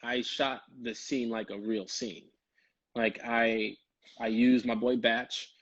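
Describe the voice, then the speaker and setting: Husky, animated man telling stories. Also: mid-range voice, takes it slowly, no echo, muffled recording. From Chicago. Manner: animated, laughing storyteller who slips into quoted voices. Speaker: guest actor. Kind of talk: casual storytelling.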